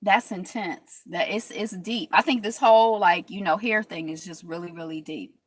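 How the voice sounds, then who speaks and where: Lively storytelling woman, dry close sound. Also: fairly low pitch, normal speed, no echo. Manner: animated storytelling with lively quoted voices; reads viewer comments aloud. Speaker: host. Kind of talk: casual livestream talk.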